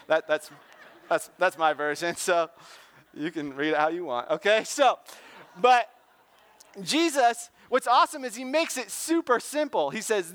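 A man preaching as a youth pastor in a church, loose and joking, tossing in "right?" and "like" as he goes. His voice sits high and comes across smooth and clear. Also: animated, a little slow, a bit bright. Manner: informal and joking, with lots of "like" and "right?". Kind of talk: casual sermon talk.

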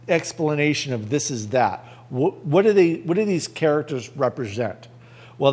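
A man's voice: mid-range voice, a little mellow. Man preaching a conversational sermon. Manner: asks the listeners rhetorical questions. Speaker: pastor.

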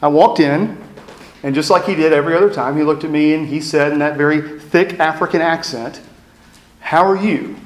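Pastor preaching in an echoey room. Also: male voice, on the high side, steady tone, a little fast. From East Texas. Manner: reflective storytelling with self-deprecating humor. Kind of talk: sermon.

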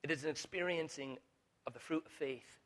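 A man preaches a sermon in a bright, forceful voice pitched a little high. He builds from quiet, searching questions to fervent peaks, and he stumbles over restarts and fillers as he goes. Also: fairly quick. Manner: preaching with rising intensity, voicing Jesus in quotes. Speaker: pastor.

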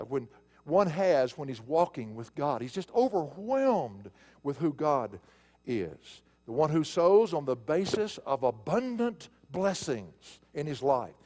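A man's voice: a little high, a little mellow. A man preaching a sermon as pastor, leaning hard on key words and stretching them out for emphasis.

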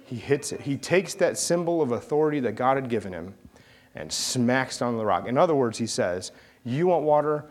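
A man's voice: medium pitch, moderate pace. A man preaching, reading scripture aloud and explaining it, often asking his listeners questions. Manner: conversational, asks the listeners questions.

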